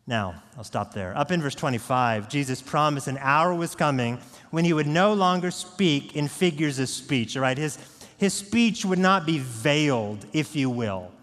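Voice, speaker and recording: A man's voice: a little high, lively intonation, moderate pace. Earnest preaching man in echoey church. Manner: earnest, swings from hushed to raised. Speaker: pastor. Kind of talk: sermon. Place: church sanctuary. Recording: long echo of a large church hall.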